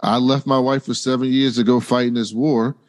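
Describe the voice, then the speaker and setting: A man's voice: medium pitch, flat delivery, a little fast, darkish tone. A man co-hosting a podcast, retelling scenes in casual slangy paraphrase. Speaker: podcast co-host. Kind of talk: casual recap chat.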